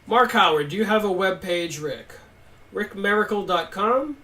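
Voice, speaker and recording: High-voiced man hosting a live stream. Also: lively intonation, normal speed, pushed and bright. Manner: emphatic, reads viewer comments aloud and answers them. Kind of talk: casual live stream commentary. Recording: voice distant from the mic.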